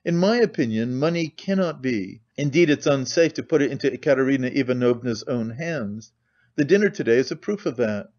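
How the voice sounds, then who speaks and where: A man voicing a calculating, pompous middle-aged suitor who talks in a measured, formal way, full of hedging phrases. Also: medium pitch, animated, a little mellow, highs cut off, close to an everyday voice.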